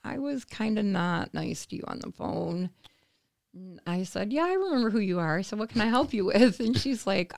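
A woman from the United States, an interview guest telling a personal story in conversation, animated and acting out what others said. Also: medium pitch, normal speed, gravelly, no echo, studio quality. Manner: animated, acts out quoted voices, laughs between phrases.

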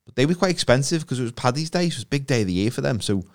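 Brief: male comic co-host, animated pitch, rambling jokey storyteller. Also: racing. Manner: jokey, rambling, self-deprecating. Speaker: podcast co-host. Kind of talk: casual comedy chat.

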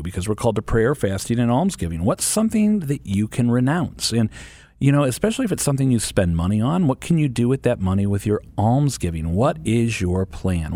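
A man hosting a Catholic talk radio show, chatting casually and telling animated stories. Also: medium pitch, no room sound, clean studio sound. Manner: lively, animated storytelling with laughs.

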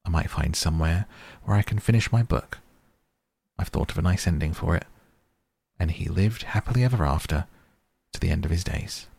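A man's voice: low voice, moderate pace, creaky, a little mellow, slightly rough, heavily acted. A man voicing a restless, possessive aging male hobbit who talks in a fussy, defensive way. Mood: wistful. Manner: fussy, turns snappish and defensive.

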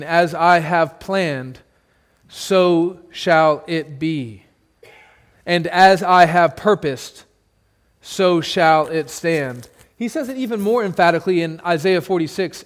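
A man preaching a sermon, his voice sitting fairly high for a man. He swells into forceful, slow declarations and then sinks to a quiet low, now and then calling on congregation members by name. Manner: emphatic, builds to loud declarations then drops low. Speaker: pastor.

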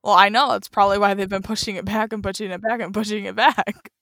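A woman's voice: mid-range voice, flat delivery, fast talker, fairly bright tone, no echo, studio quality. A woman co-hosting a podcast, laughing often and pushing back in a teasing way. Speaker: co-host. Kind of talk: casual podcast chat.

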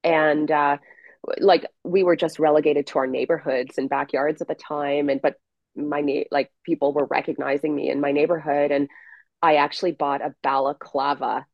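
Guest spot: a woman in a low voice recounting a rough stretch, halting and emotional, on a dull, dry call line. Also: little pitch movement, no room sound. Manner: halting, with restarts and trailing pauses. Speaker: podcast guest. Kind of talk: emotional personal story.

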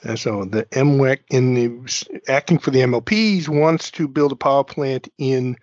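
A man's voice: medium pitch, measured pace, darkish tone, no room sound, lo-fi sound. Male host, informal explainer, dry close sound. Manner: chatty, informal, explains step by step with asides. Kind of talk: conversational explainer, interview intro.

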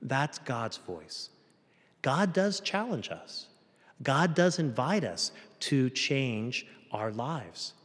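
A male priest preaches a homily in a church, and his voice carries a long reverb through the space. He talks in an easy, conversational way at a middle pitch. He acts out the voices he quotes by shifting his tone. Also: lively intonation, slow. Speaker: Catholic priest. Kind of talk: homily at Mass.

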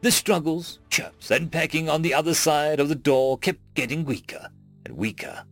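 A man reading a humorous science fiction story aloud in a wry, expressive storytelling manner. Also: fairly high pitch, moderate pace, no room sound, soft background music. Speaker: story narrator. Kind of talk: scripted narration.

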